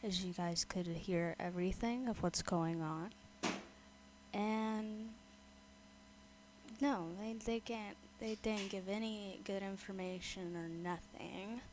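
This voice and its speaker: A woman's voice: medium pitch, fairly even intonation, slow pace, background noise. A woman filling in on a livestream, talking in a sarcastic, exasperated way. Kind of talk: livestream commentary.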